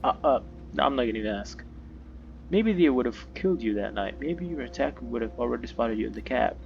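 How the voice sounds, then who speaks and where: Excitable man playing a story game. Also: mid-range voice, brisk, creaky, lo-fi sound, faint music behind. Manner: excitable, chatty, many fillers and self-corrections. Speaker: gaming video host. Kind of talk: reading game text with live reactions.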